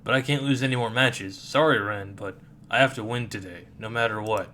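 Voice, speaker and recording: A man's voice: fairly low pitch, brisk, a little hiss or hum. A man voicing an easygoing, cheerful teenage boy shaman. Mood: determined. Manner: easygoing, relaxed, upbeat.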